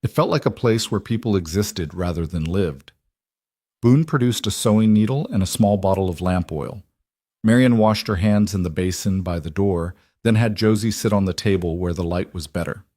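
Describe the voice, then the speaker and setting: A man reading a romance story aloud as scripted narration, steady and even. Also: low voice, moderate pace, no room sound, clean studio sound. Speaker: audiobook narrator.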